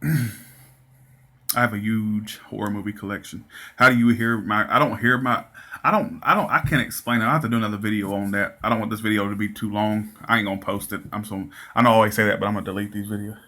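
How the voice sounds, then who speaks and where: A man's voice: fairly low pitch, fairly even intonation, fast, bright, forceful tone. A man rambling through viewers' comments in a casual live chat, laughing often and restarting his sentences. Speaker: tarot reader answering viewer comments.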